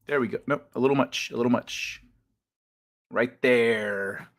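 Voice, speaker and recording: A man's voice: medium pitch, measured pace, long pauses. A man hosting a casual live stream, chatting loosely with his viewers, swearing and laughing often as he reacts to the chat. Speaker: livestream host.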